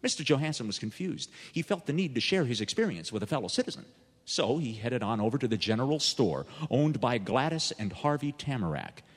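A man telling a humorous tale in a deadpan storytelling manner. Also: mid-range voice, a little fast, in a large hall.

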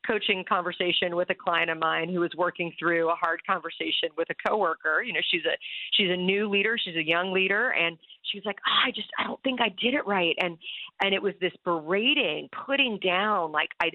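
A woman's voice: fairly low pitch, a little fast, no echo. A woman speaking as a guest coach in casual, earnest conversation, laughing often. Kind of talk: casual chat. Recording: phone-line call-in sound.

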